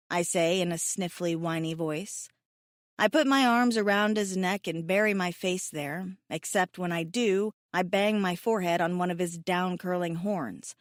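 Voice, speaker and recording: A woman's voice: lowish voice, moderate pace, no room sound, clean studio sound. A woman narrating a first-person romance audiobook in an emotive, tearful, self-mocking way.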